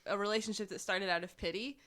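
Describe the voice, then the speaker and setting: A woman's voice: mid-range voice, fairly even intonation, fast, fairly bright tone. A woman chatting on a podcast, earnest and enthusiastic about a film's characters. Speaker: podcast guest. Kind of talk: casual chat.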